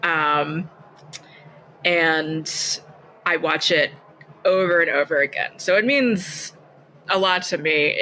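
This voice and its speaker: A young man co-hosting a comedy podcast, rambling and hesitant, quick to laugh. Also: on the high side, pushed and bright, slight background noise, poor audio. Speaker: podcast co-host. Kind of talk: casual comedic chat.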